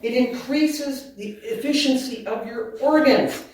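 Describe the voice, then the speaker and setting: A woman leads a group through a laughter yoga talk, playful and quick to laugh. Her voice reaches the mic from a distance and rings around a very echoey community hall. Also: sits high, a little hiss or hum. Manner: lively and laughing, playful asides.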